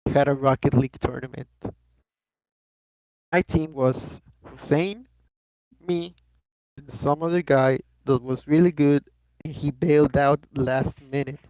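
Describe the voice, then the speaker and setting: A man chatting on a podcast as a guest, telling a story with lots of swearing and high-pitched bits for quoted people. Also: a little slow, pauses often, no room sound. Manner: animated, profane, jumps into high voices for quoted people. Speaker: guest co-host. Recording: dull, dry lo-fi recording.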